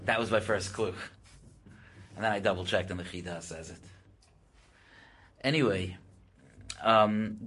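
A man's voice: lowish voice, measured pace, pauses often, a bit bright, slightly rough. A man, a rabbi, giving a Torah class. He explains Hebrew texts in English, his voice rises when he quotes them, and he thinks aloud with many restarts.

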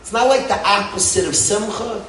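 A man, a rabbi who heads a yeshiva, giving an impassioned sermon that swings between hushed and raised passages. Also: high-pitched, normal speed, far from the mic, slight background noise. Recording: echoey room, voice off-mic.

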